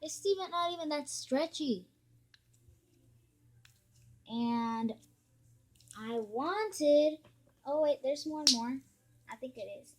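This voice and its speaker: Female vlogger, high voice, casual spoof-unboxing chatter with playful fake complaints. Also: animated, slow, long pauses, background noise. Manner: chatty, mock-annoyed complaining.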